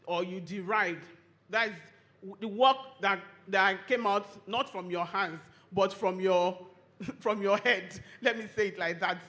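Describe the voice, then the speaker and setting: A Nigerian woman, a lawyer and firm co-founder, giving a lively, chatty conference talk and teasing the audience. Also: medium pitch. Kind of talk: conference presentation with audience interaction.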